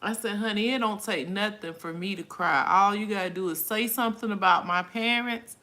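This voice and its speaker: A woman's voice: medium pitch, moderate pace, pushed and bright. A middle-aged woman hosting a casual live stream from her phone, reading viewers' comments aloud and answering them in an emotional, outspoken way.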